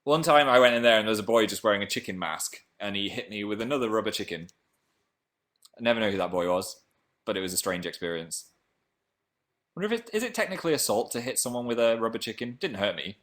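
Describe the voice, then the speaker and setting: Rambling, jokey man on a livestream. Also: quick pace. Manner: rambling, jokey, with sudden excited jumps in pitch and volume. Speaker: livestream host reading viewer comments. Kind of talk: casual chat.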